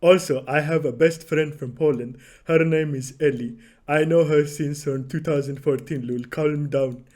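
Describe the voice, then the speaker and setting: A man's voice: a little high, steady tone, moderate pace, a little mellow, close to an everyday voice. A man doing a snippy young woman. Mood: dismissive. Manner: mocking put-on accent.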